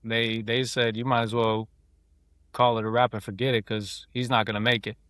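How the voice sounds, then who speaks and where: A man's voice: medium pitch, flat delivery, normal speed, fairly bright tone, dry recording, studio quality. A man in his forties hosting a podcast, earnestly giving firm advice in casual conversation. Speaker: podcast host.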